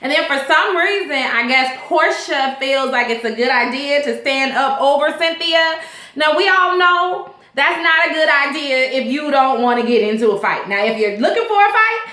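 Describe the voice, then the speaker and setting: High bright woman ranting bout a tv episode, cussing and cracking up, echoey room. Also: moderate pace. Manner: laughs a lot, profane and animated. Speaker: host of a TV recap show. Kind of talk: casual TV episode recap.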